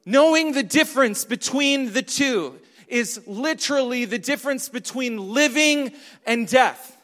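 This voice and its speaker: A pastor preaching a sermon, emphatic and repetitive, asking the congregation questions. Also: male voice, very high voice, lively intonation, a little slow, a bit bright. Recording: long hall reverb.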